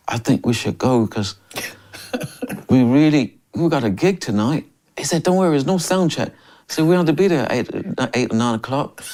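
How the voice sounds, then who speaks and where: Sixties guy from memphis spinning wild stories, keeps laughing, acts out the other voices. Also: medium pitch. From Memphis, USA. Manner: animated, laughs often, acts out others' lines. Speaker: guest drummer. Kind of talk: casual storytelling interview.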